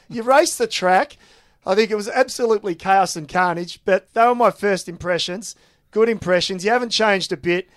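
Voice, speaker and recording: High-voiced man, dry sound. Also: normal speed, no echo. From Australia. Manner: lively anecdote telling. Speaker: podcast co-host. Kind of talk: casual podcast storytelling.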